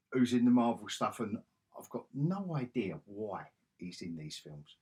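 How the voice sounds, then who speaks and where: A man's voice: on the low side, slightly rough. A man giving a casual video review, ranting sarcastically and exasperatedly, with frequent restarts. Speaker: film reviewer.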